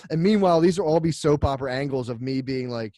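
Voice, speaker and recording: A man's voice: fast talker, warm tone, no room sound, studio quality. Rambling, laughing male podcast host. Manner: rambling, laughing, pitching bits in act-out voices. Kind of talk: casual comedy podcast chat.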